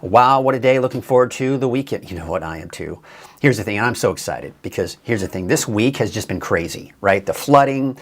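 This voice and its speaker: Chatty, low-voiced male weather forecaster. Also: expressive, a little fast. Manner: chatty and upbeat, with frequent fillers and restarts. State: tired. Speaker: TV meteorologist. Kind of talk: casual live weather forecast.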